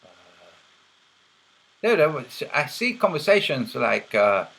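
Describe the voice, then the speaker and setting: A man's voice: a little high, very animated, slow, creaky, fairly bright tone, rough recording. A man hosting a livestream, casually reading chat and teasing viewers with a mocking, laughing manner. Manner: teasing, mocking, laughs at his own jokes.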